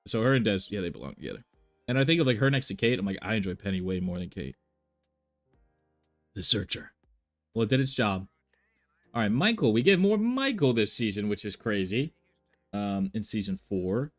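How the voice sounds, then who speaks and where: Man, low voice, casual live-stream chat, rambling with fillers, faint background music. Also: big pitch swings, normal speed, pauses often. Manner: rambling, thinks aloud with many fillers and restarts. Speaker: reaction streamer.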